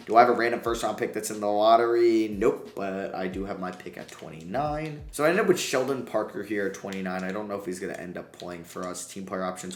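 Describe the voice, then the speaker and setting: A man giving casual commentary over a basketball sim playthrough, swinging between groaning pleas and excited shouts. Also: lowish voice. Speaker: gaming YouTuber. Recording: roomy echo.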